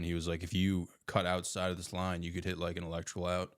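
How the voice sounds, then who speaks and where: A man's voice: low-pitched, monotone, quick pace, few pauses, clear, resonant tone, no room sound, clean studio sound. A young man talking as a podcast guest, swearing freely and calling everyone "dude.". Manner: loose, profane, says "dude" constantly. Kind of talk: casual chat.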